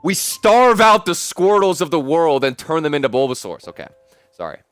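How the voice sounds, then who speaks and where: A young man, a gaming streamer, chatting casually and excitedly over gameplay, full of slang. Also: on the high side, normal speed, clear, resonant tone, no room sound, soft background music. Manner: animated, slangy, says "dude" a lot.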